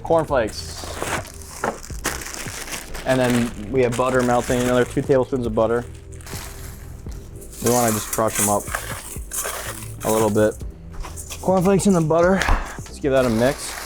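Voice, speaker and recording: A man's voice: medium pitch, unhurried, long pauses, over music. A man hosting a casual cooking show, chatty and easygoing as he walks through each step.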